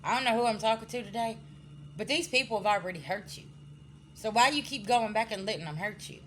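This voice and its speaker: A woman's voice: on the high side, brisk, fairly bright tone, a little hiss or hum. Blunt, scolding woman giving a spiritual reading. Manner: blunt, scolding, swears freely; addresses viewers directly, frequent "okay?" checks. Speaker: spiritual card reader. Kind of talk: casual spiritual reading to camera.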